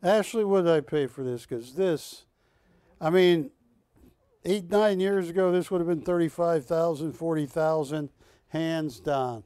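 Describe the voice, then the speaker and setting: Selling art on a live shopping channel, this host speaks a little slowly in a clean, on-the-high-side voice with no room sound. His sales pitch is jokey and lively, and he teases his co-hosts.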